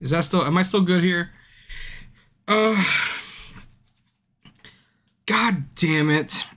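A drunk man streaming a game, chatting casually, swearing constantly and bursting into yells at the screen. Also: sits high, takes it slowly. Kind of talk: casual livestream commentary. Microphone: streaming mic.

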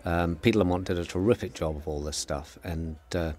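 Man, very low voice, middle-aged, relaxed anecdotal director's commentary, lots of ums and uhs. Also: fairly quick. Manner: relaxed anecdotal, many fillers. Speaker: film director. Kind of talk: DVD audio commentary.

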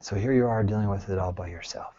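Male therapist, low voice, earnest and reassuring group-session delivery, hushed-to-emphatic swings; muffled lo-fi audio. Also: fast. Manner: earnest, swings between soft near-whispers and emphatic bursts; pleading, reassuring, asks the group frequent questions. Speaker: therapist leading a support group. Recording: dull lo-fi recording.

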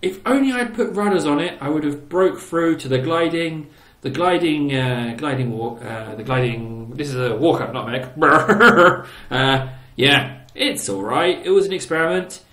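A man giving casual game commentary with a bouncy, wide-ranging voice that leaps up and down as he chuckles at his own creations. He speaks slowly and unhurried, teasing and exclaiming playfully. The sound bounces around a roomy, echoey space. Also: on the high side, animated, fairly bright tone. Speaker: gaming channel host. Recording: roomy echo.

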